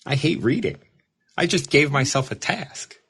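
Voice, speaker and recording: A man's voice: on the high side, normal speed, husky. Rambling, self-mocking male host. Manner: animated, repeats and restarts. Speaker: show host. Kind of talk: casual storytelling chat.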